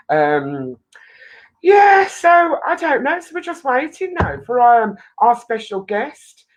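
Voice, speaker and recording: A woman's voice: a little high, big pitch swings, slow, poor audio. A woman hosting a casual live stream, chatting in a rambling way to viewers and laughing often.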